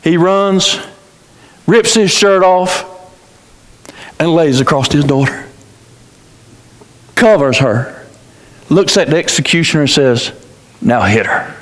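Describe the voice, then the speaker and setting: A man's voice: a little high, takes it slowly, long pauses, a bit bright. A male pastor preaching a sermon in a church sanctuary, telling a dramatic story, repeating phrases and restarting his words. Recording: reverberant church hall.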